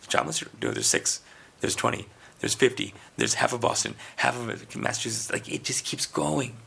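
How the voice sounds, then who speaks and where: A man's voice: medium pitch, wildly swooping pitch, brisk, creaky, sharp tone, slightly rough. A man from India chatting casually on a podcast, telling rambling stories and acting out quoted voices. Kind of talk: casual chat.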